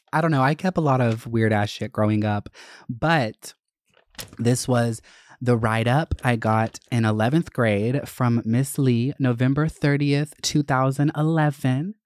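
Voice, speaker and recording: A young adult vlogger telling a school story in a profane, animated, gossipy way. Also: medium pitch. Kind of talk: casual storytelling.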